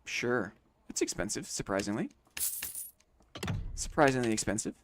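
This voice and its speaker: A man's voice: medium pitch, animated, moderate pace, a little hiss or hum. A man chatting casually on a late-night game live stream, thinking aloud and repeating phrases to himself.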